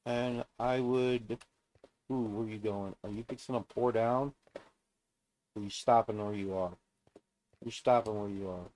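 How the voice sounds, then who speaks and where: A man's voice: lowish voice, fairly even intonation, a little slow, pauses often, darkish tone. A man streaming a game alone, narrating casually in a subdued, downbeat mutter to himself. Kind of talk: casual gameplay commentary.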